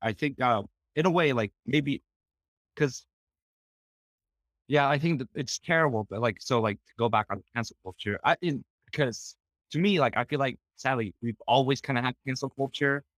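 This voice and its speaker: A man talks sincerely as a podcast guest, often stopping and restarting his sentences. His voice is mid-pitched and recorded dry and close. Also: a bit bright, no echo. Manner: halting, many restarts and fillers, sincere. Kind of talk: conversational interview.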